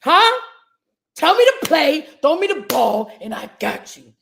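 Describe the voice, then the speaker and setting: A woman comedian, chatting as an interview guest, loud and playful with animated bursts. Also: high-pitched, normal speed, vocal fry. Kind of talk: casual interview chat.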